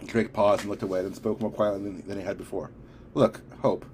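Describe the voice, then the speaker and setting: A man with a low voice reads a superhero story aloud in a steady, measured way, now and then tripping over a word. A faint hiss of background noise runs under the recording. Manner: steady, measured, occasional slips. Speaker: audiobook reader. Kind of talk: audiobook narration.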